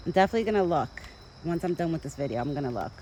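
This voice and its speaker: A woman's voice: low-pitched, lively intonation, racing, warm tone, a little hiss or hum, low-quality recording. A young woman chatting casually to her phone camera outdoors in a rural yard while she feeds a deer, rambling and talking fondly to the animal. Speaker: vlogger feeding a backyard deer. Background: insects and countryside ambience.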